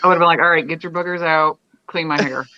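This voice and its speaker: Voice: medium pitch, steady tone, quick pace, sharp tone, highs cut off, slight background noise. A podcast co-host in casual chat who is blunt and profane and laughs easily.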